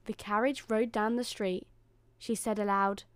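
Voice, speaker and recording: A woman's voice: mid-range voice, a little fast, a little mellow, clear, resonant tone, dry recording. Woman host, bedtime story narration, soothing, mid voice, dry close sound.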